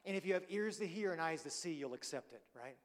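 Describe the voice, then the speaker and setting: A man's voice: a little high, lively intonation, quick pace. Man preaching in a big reverberant hall. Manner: conversational, often asks "right?". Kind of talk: sermon.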